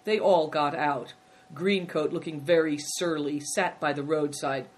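Steady storybook reader, mid-pitched. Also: measured pace. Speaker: narrator. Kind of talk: storybook reading.

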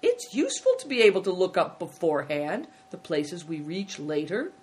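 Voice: mid-range voice, wildly swooping pitch, moderate pace. A narrator voicing a young companion who speaks in an earnest, slightly formal way.

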